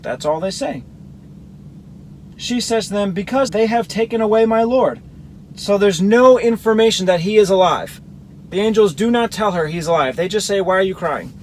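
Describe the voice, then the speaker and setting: A man's voice: high-pitched, expressive, moderate pace, a little hiss or hum, low-quality recording. A man reading Bible verses aloud and explaining them, comparing the gospel accounts as a teacher. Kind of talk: scripture reading with commentary.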